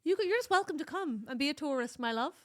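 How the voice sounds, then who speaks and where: A high-pitched Irish woman co-hosting a podcast. She talks in a chatty, animated way, handing out advice and the odd swear word. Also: fast talker. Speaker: podcast co-host. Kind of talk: casual chat.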